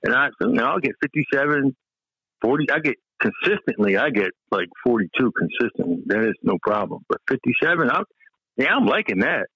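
Excitable rambling man. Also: mid-range voice, a little fast, breathy edge, no echo, highs cut off. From American South. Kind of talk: casual chat.

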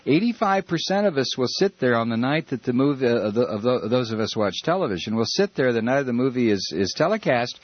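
Male call-in radio host, husky, impassioned ranter, muffled broadcast audio. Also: mid-range voice, sing-song, fairly quick, few pauses, dry recording. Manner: impassioned, ranting, many restarts. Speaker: radio talk show host.

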